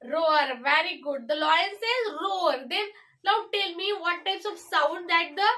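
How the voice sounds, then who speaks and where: A young woman with an Indian English accent, a student teacher leading a poem lesson and spelling words out slowly letter by letter. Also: extremely high pitch, bright, forceful tone, rough recording.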